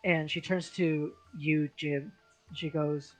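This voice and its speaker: A game master narrating a tabletop game in a casual, halting way, with many fillers. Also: mid-range voice, little pitch movement, soft background music, low-quality recording.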